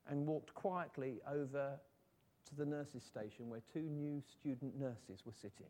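A man's voice: mid-range voice, unhurried, mellow. A man preaching a sermon, telling a story in an earnest voice and rising to fervent appeals.

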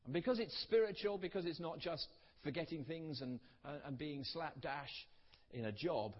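A man preaching a sermon, earnest and storytelling, letting key words trail off softly. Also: on the high side, normal speed, slightly rough. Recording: dull recording in a reverberant hall.

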